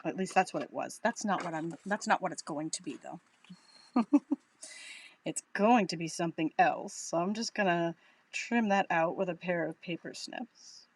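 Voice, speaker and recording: A woman's voice: fairly low pitch, moderate pace, breathy edge. A woman with a Boston accent giving a chatty, upbeat live crafting tutorial, thinking aloud as she works. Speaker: craft demonstrator.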